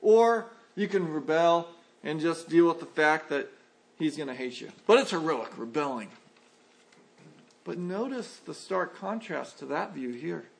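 A pastor delivers a sermon in a fairly high voice. He speaks earnestly and with life, acting out the voices he quotes. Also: lively intonation, measured pace, creaky.

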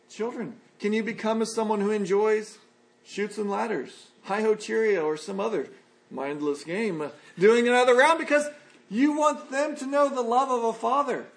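A man preaching an expository sermon as a pastor, earnest and measured, in a conversational tone. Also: high voice, gravelly.

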